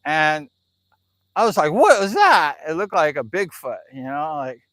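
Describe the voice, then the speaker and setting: A man's voice: fairly high pitch, normal speed, fairly bright tone, dry recording. A man on a live stream telling a spooky story in a casual, rambling way, full of "like" and "you know".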